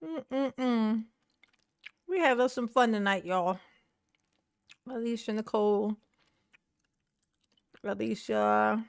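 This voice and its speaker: A woman's voice: medium pitch, slow pace, gravelly, long pauses, no echo. A woman hosting casual online commentary, chatty and slangy, laughing often and talking back to what she watches.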